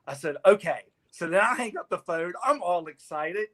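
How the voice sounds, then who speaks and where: Guy with a high voice, tells a story all animated and laughing, acts out the other people. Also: normal speed. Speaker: guest sponsor representative.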